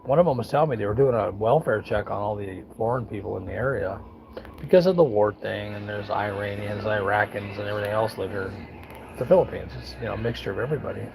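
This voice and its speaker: A man's voice: fairly low pitch, fast, vocal fry, a little mellow, slight background noise, poor audio. An American man in his fifties or sixties, telling stories in a blunt, folksy, sometimes profane way as a vlogger at home. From United States. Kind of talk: casual storytelling monologue.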